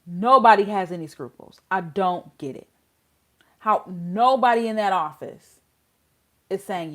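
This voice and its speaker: A woman's voice: fairly high pitch, expressive, a little slow, a bit bright. A woman hosting a casual legal commentary channel, exasperated and full of rhetorical questions.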